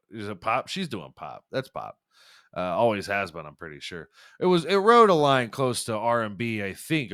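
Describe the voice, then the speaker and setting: A man's voice: fairly low pitch, sharp tone, clean tone, no room sound. Young man, podcast host, rambling profane rant, stumbling restarts, dry close mic.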